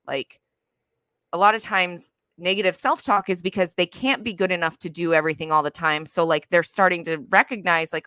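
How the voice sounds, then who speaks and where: Woman, parenting advice, earnest, lots of fillers, crisp tone, dry room. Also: fairly low pitch, brisk, pushed and bright, dry recording. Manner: earnest, explanatory, many fillers. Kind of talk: conversational advice.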